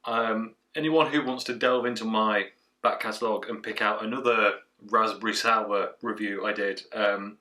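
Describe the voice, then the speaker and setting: A man's voice: lowish voice, steady tone, moderate pace, sharp tone, distant mic. A man giving a chatty, rambling craft beer tasting review. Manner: chatty, rambling, trails off with fillers.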